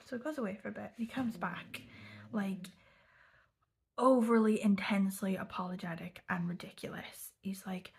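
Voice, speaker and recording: A woman's voice: medium pitch, fairly even intonation, normal speed, a little mellow. A young woman chatting through a casual storytime vlog, half-whispering and peppering her talk with "like". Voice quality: breathy, gravelly. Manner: chatty, heavy use of "like", often half-whispered. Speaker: vlogger.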